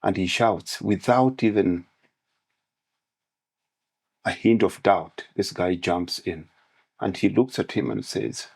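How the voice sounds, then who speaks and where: Deep, gravelly-voiced man; storytelling podcast guest, teaches through analogies. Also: animated, slow pace, long pauses, a little mellow. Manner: preaching in parables and analogies. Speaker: guest speaker on manhood.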